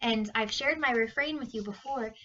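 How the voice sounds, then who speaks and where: A woman teaching Sunday school, reading a Bible story to children in an animated, questioning way. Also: fairly high pitch, normal speed, distant mic, dull audio, a little hiss or hum. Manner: animated, questioning, talks to kids directly.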